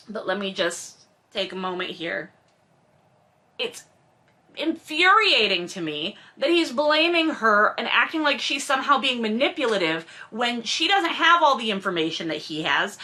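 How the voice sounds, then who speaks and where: A woman podcast host reads a novel aloud and keeps cutting in with sarcastic, exasperated commentary. She swears freely and sounds casual. Her voice is bright and sits a little high. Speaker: podcast host reading a book. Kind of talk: book reading with casual commentary.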